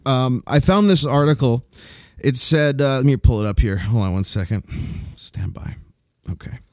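A man's voice: medium pitch, normal speed, darkish tone, dry recording. A man co-hosting a casual studio podcast, joking and swearing freely as he banters. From New Jersey. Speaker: podcast co-host. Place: recording studio. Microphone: studio microphone.

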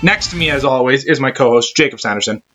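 A man's voice: medium pitch, animated, quick pace, music in the background. A young man hosting a podcast in casual chat, self-deprecating and joking. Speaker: podcast host and league commissioner. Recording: dull lo-fi recording.

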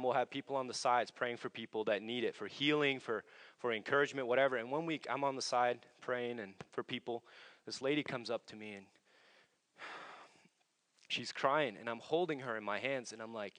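A young man preaching a sermon in an earnest, conversational way, often dropping to a hushed voice as he tells stories. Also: mid-range voice. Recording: long hall reverb.

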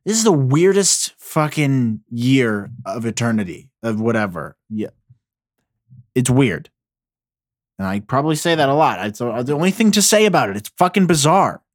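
A man hosts a casual solo podcast in studio quality with no room sound. His mid-range voice swings widely in pitch at a normal speed as he rants about the news, swearing heavily and rambling through restarts.

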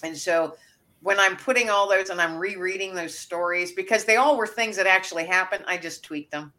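A woman's voice: on the low side, brisk, sharp tone. A woman author chatting earnestly as a podcast guest. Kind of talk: casual podcast interview.

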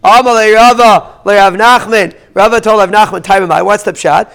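High-voiced, clear male Talmud teacher. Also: moderate pace. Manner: reads the Aramaic text and explains it in English; lively, with rhetorical questions. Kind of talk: daily Talmud page class.

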